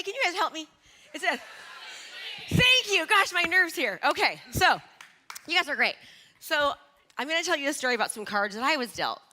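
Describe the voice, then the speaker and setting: A middle-aged woman giving a live motivational speech on stage, energetic and chatty, asking the audience questions. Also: sits high. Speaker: motivational speaker.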